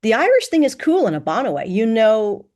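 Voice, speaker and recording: A woman's voice: fairly high pitch, big pitch swings, brisk, a little mellow, pitched above the performer's own voice. A woman voicing a sarcastic, chatty nineteen-year-old American college girl in an audiobook, teasing and emphatic. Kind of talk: audiobook character voice.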